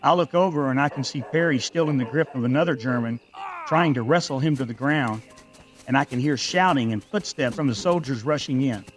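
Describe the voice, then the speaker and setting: Male storyteller, mid-range voice; steady, measured first-person narration. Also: mid-range voice, faint music behind.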